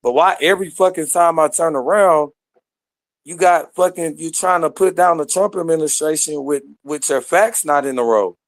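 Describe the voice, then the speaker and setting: A man's voice: fairly high pitch, normal speed, dry recording. A man ranting at listeners in an online audio room, confrontational and full of slang and swearing. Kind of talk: heated rant.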